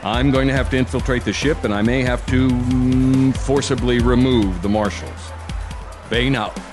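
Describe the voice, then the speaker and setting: An actor playing a sly, short-tempered infiltrator who can turn smoothly deceptive. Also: male voice, medium pitch, steady tone, moderate pace, music in the background, lightly acted. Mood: scheming. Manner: curt, then smoothly deceptive.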